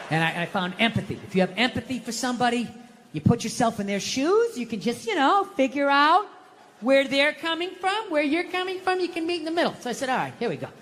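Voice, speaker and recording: A man doing stand-up comedy in front of an audience, swearing, ranting, and swinging between loud outbursts and low muttering. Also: lively intonation, fairly quick. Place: comedy theater stage with audience. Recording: live hall with long reverb and faint noise.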